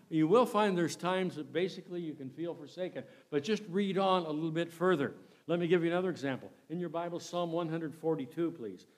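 A man preaching a sermon, reading King James verses aloud and swinging between loud and soft delivery. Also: a little high.

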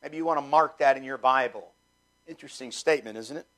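A man's voice: medium pitch, fast, fairly bright tone. Folksy middle-aged man preaching a sermon. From Canada. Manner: folksy, conversational, asks the congregation questions. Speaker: pastor. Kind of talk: sermon with prayer.

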